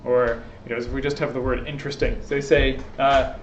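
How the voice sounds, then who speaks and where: A man's voice: medium pitch, level tone, fairly quick, recorded from a distance, a little hiss or hum. Man lecturing, hesitant, in a roomy space. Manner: thinks aloud with many fillers and restarts. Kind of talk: informal philosophy lecture. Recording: roomy, dull lo-fi room recording.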